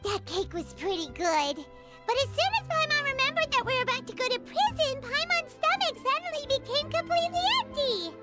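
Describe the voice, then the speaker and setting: Paimon, squeaky fairy companion. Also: female voice, animated, normal speed, pushed and bright, heavily acted. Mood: greedy. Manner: speaks of herself in third person, whiny and bubbly. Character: tiny floating female fairy companion, gluttonous and excitable. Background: game music.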